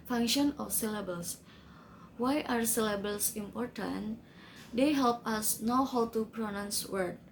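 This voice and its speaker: A woman reading a class presentation slowly and carefully, with small grammar slips. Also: medium pitch, slight background noise, rough recording. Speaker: student presenter.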